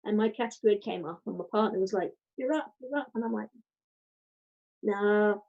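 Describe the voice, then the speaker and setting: A woman guest chatting in a casual interview, telling a story with lively quoted voices. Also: medium pitch, normal speed, creaky, narrow, tinny audio. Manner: animated storytelling, quoting others. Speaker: guest, writer and podcaster.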